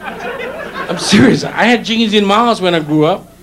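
This is live stand-up with crowd work: a middle-aged man, Hawaiian Pidgin accent, chatting directly with and teasing audience members. His voice sits high and a bit bright, and he talks fast. The hotel showroom crowd can be heard laughing and making noise.

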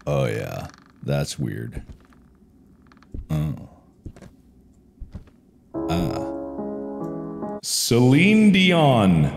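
A man playing a horror game alone, talking at an unseen ghost in a slow, unhurried way. He teases and taunts it, breaking into sudden yelps. His pitch swings wildly from low mutters to high shouts. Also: wildly swooping pitch, vocal fry, faint music behind. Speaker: game streamer.

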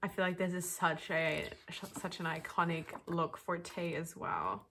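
A woman in a casual unboxing chat, her voice swooping up and down with a lively range. She talks at an unhurried pace, gushing and rambling with gasps and giggles between her thoughts. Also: fairly low pitch, vocal fry, husky. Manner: gushing and excitable, with frequent gasps, laughs and "oh my gosh"; chatty and rambling, with fillers and restarts. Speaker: vlogger.

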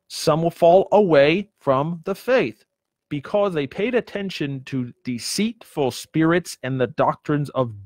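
A man's voice: on the high side, no room sound. A man preaching a sermon, emphatic, with many rhetorical questions and repeated words.

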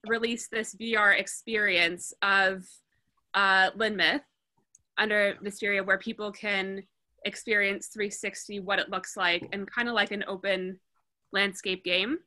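A female student presenting a campaign pitch on a video call in an eager, casual way. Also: steady tone, a little slow, pushed and bright.

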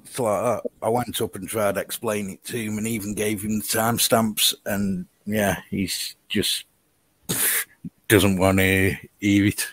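A man's voice: lowish voice, flat delivery, a little slow, fairly bright tone, slight background noise, low-quality recording. A man talking in a casual, offhand, dismissive way. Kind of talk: casual chat on a stream.

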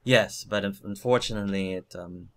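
A man's voice: lowish voice, normal speed, fairly bright tone, natural voice. A man voicing a matter-of-fact woman soldier, speaking hesitantly and without an accent. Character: blunt woman soldier, a seasoned fighter.

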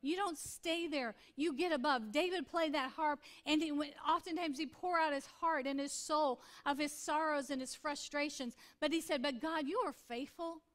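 A woman's voice: sits high, normal speed, few pauses. A woman pastor in her forties preaching a sermon in an earnest, conversational way, repeating points for emphasis.

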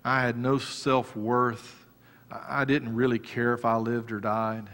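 A man preaching a sermon as pastor, moving between raised exhortation and quiet personal storytelling. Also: medium pitch, little pitch movement, unhurried. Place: church sanctuary. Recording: church hall reverb.

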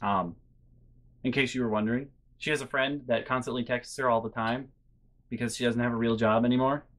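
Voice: mid-range voice, steady tone, fairly quick, fairly bright tone. A vlogger tells a casual story at home in a mid-range voice. They ramble, lean on fillers, swear freely, and sound incredulous throughout. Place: bedroom at home.

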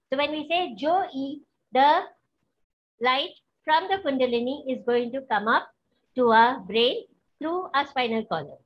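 A woman leads a guided healing practice at a slow, unhurried pace. Her voice sits high, gentle and instructive, and she often checks that her listeners follow. The recording sounds dull and lo-fi. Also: lively intonation. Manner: gentle, instructive, asks for confirmation. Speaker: spiritual teacher.

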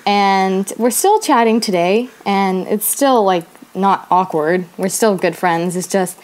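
A woman's voice: mid-range voice, slow pace, few pauses, darkish tone. A teenage girl casually telling a personal story, chatty and acting out the lines of the people in it. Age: teens. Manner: chatty, acts out her own and her friend's lines.

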